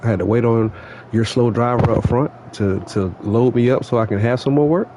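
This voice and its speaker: A man rants in a casual, rambling way about a clash at work. His voice sits at an everyday middle pitch and he keeps circling back with filler phrases. Steady vehicle noise runs clearly behind him. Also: brisk. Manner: animated, rambling, repeats "you know what I mean". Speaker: vlogger. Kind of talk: casual venting story.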